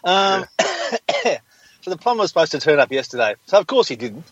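A man's voice: on the high side, big pitch swings, a little fast, no echo. An easygoing man co-hosts a casual comedy podcast, grumbling about everyday hassles. He is recorded on a dull lo-fi mic in a dead, dry room. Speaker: podcast co-host.

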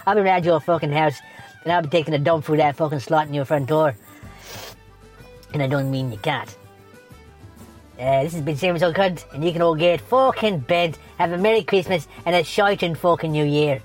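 A woman's voice: on the high side, close to an everyday voice. A woman playing a foul-mouthed, bitter man who rants and swears constantly for a comedy podcast. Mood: sulky. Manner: swears constantly, scornful ranting.

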